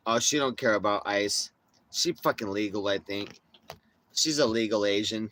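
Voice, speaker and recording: A man's voice: on the low side, moderate pace, a bit bright. A man chatting casually to his viewers, telling rambling, profane stories full of slang. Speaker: streamer.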